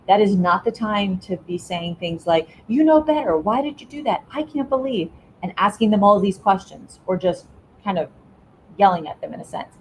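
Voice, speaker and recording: A woman's voice: fairly low pitch, slight background noise, low-quality recording. A woman, a school educator, answering interview questions in a conversational way and acting out what she says to children. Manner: animated explainer, acts out quotes.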